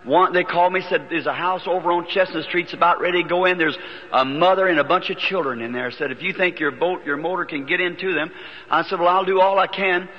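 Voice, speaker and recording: A man's voice: high-pitched, fairly quick. A man, preaching a sermon and telling his life story in a folksy way, taking on the voices of the people in it, recorded before a congregation in a large hall. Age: 50s. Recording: dull lo-fi archival sermon recording with long hall reverb.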